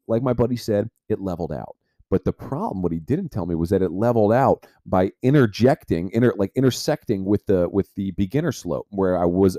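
A man's voice: mid-range voice, warm tone, no room sound. A man hosting a podcast, telling a personal story in a rambling way, full of filler "like". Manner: rambling, heavy use of filler "like". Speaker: podcast host.

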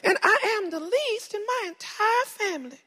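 A man preaching voices Gideon as a timid young man with a Southern accent, high and pleading. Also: lively intonation, normal speed, sharp tone, some chatter behind, a little hiss or hum, heavily acted. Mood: whiny pleading.

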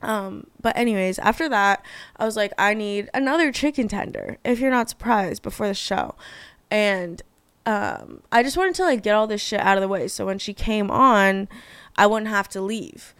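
A chatty young woman talks on her solo podcast, gushing and peppering her speech with fillers and casual swearing. Her voice is smooth and clear, recorded close and dry with no room sound. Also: mid-range voice, normal speed, fairly bright tone, no room sound. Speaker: podcast host.

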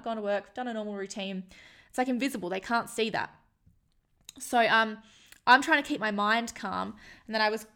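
Young woman, candid vlogger, casual and blunt, mid-pitched voice, loose filler-heavy delivery. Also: fairly bright tone. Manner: frank and casual, swears freely, many fillers. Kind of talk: candid personal storytelling to camera.

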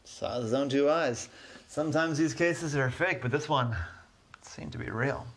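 A man narrating an improvised children's story in a soft, low-key way, with small restarts. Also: measured pace.

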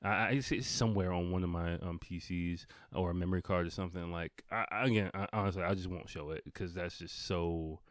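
A man's voice: sits low, fairly even intonation, fairly quick, hardly any pauses, no room sound, studio quality. A man in his thirties telling a story casually, rambling and swearing with frequent laughs and fillers. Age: 30s. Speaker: vlogger.

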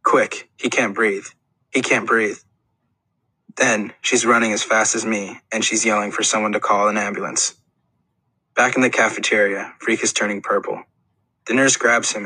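Man, audiobook narrator, earnest plain storytelling, low-pitched, bright edgy tone. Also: breathy edge, no echo, rough recording. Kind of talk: first-person audiobook narration.

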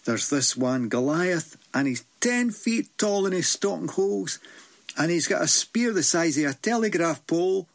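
A man's voice: high-pitched, expressive, normal speed, creaky. A Scottish man voicing a frightened young soldier in a folk tale. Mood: gloomy.

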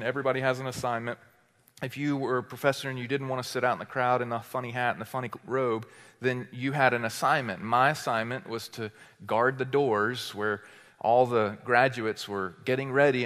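A man preaching as a teaching pastor, firing rhetorical questions at the congregation and swinging between loud declarations and quiet asides. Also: mid-range voice. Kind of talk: sermon. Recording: long hall reverb.

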